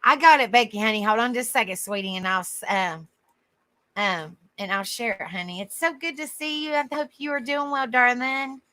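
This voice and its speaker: A woman's voice: on the high side, moderate pace, bright, forceful tone. A woman hosting a casual live stream, affectionate with viewers, exclaiming often and laughing easily. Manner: affectionate, calls viewers honey and sweetheart.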